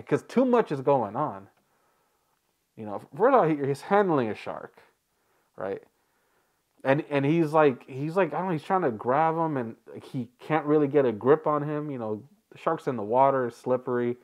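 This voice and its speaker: A man's voice: mid-range voice, expressive, normal speed, a little mellow. A man hosting a reaction video, chatting casually, rambling and joking with frequent laughs.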